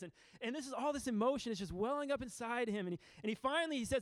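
High smooth-voiced guy preaching, tells a story and acts out the parts, dry close sound. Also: racing, few pauses, no room sound. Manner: storytelling with acted-out quotes, lively and emphatic. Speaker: pastor. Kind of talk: sermon.

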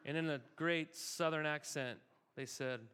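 A man's voice: fairly high pitch, fairly even intonation, measured pace, sharp tone, smooth. A young man preaching a sermon in a conversational way, asking his listeners questions and repeating key phrases for emphasis. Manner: asks the congregation questions and answers them himself. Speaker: pastor.

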